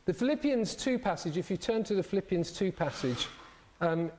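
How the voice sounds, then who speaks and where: A man's voice: high voice, lively intonation, moderate pace, darkish tone, slight background noise. A middle-aged man preaching a sermon, telling stories animatedly and acting out the voices of the people in them.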